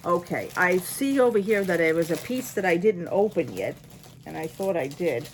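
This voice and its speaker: A woman's voice: on the low side, expressive, normal speed, a little hiss or hum. A woman in casual show-and-tell chat, rambling and restarting as she shows off bargain jewelry. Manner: chatty, rambling, with frequent restarts and fillers. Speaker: haul vlogger.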